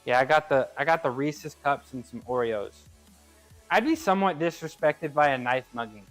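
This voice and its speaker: Guy streaming his workout, chatty, bit high voice, laughs a lot, faint music behind. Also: lively intonation, normal speed, a bit bright. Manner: chatty, laughs easily, restarts phrases. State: working out. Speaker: streamer reading chat. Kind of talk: casual live-stream chat.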